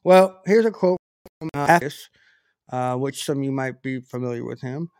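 A man's voice: mid-range voice, a little fast, a little mellow, no room sound, studio quality. A man giving an informal Bible teaching, talking conversationally with frequent restarts and self-corrections.

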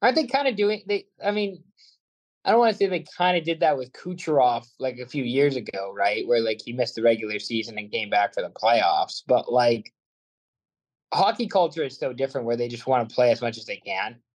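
A man's voice: medium pitch, fairly quick, rough recording. A man from Canada, a guest on a sports podcast, chatting casually in a rambling, self-aware way.

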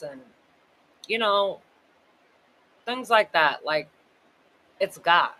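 A man's voice: a little high, lively intonation, takes it slowly, long pauses, sharp tone, a little hiss or hum, poor audio. A man hosting a podcast, talking casually about faith in a loose, rambling way full of "like" and "you know". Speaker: podcast host.

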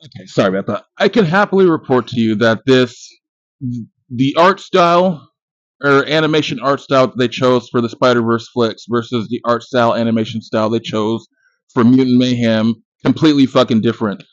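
This podcast host, a man in his thirties, talks briskly at medium pitch through a loose movie review full of swearing, jokes, and brags. No echo is present, and the lo-fi recording sounds dull and dry.

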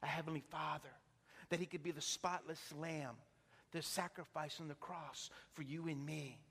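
A pastor preaching an impassioned sermon, swinging from hushed to shouting. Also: male voice, a little high, steady tone, normal speed, creaky, breathy edge. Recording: long reverb of a large hall.

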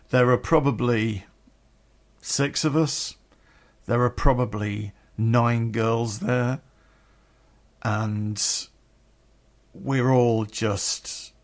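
Middle-aged man, podcast storyteller; slow, gravelly, candid and sweary. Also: on the low side. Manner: candid, rambling, swears freely. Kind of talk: personal storytelling.

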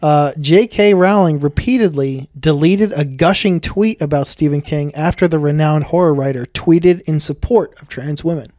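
A man's voice: on the high side, normal speed, few pauses, warm tone, no echo. A man co-hosting a casual comedy podcast, tossing in dry wisecracks and reading news items aloud with small stumbles. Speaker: podcast co-host.

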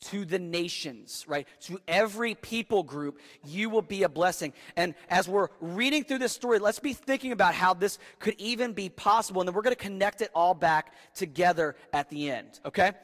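A man's voice: sits high, normal speed, hardly any pauses, a bit bright. A young man preaching a casual, conversational sermon, often checking in with "right?" and acting out the people in his story. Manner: keeps asking "right?" and acts out voices in quotes. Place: church hall with a live audience. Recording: long reverb of a large hall.

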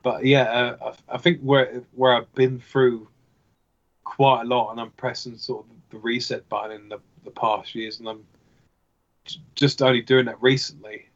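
A man's voice: medium pitch, flat delivery, normal speed, highs cut off. A man talking as a guest in casual chat. He speaks hesitantly, with many fillers and restarts. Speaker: podcast guest.

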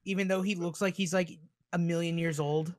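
Guy with a high voice on a podcast, rambling, lots of likes and uhs. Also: steady tone, a little fast. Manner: rambling, filler-heavy storytelling. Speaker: podcast guest. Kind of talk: casual podcast chat.

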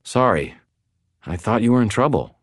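A sharp, insistent young woman who presses her point hard, as a male narrator raises his voice to play her. Her tone is urgent and keeps climbing. It sits far higher than the reader's own deep voice. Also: very animated, normal speed, no room sound, clean studio sound.

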